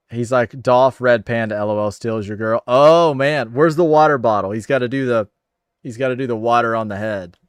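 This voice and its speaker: A man's voice: medium pitch, clear, resonant tone, no room sound, clean studio sound. A man hosting a casual livestream, chatting upbeat and friendly as he thanks viewers by name. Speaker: livestream host. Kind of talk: casual chat reading viewer comments.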